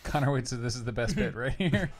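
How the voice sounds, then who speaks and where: Lively, laughing man chatting. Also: medium pitch, quick pace, slight background noise. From Philadelphia area. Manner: laughs often, reads chat comments aloud. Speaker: podcast co-host. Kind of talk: casual commentary chat.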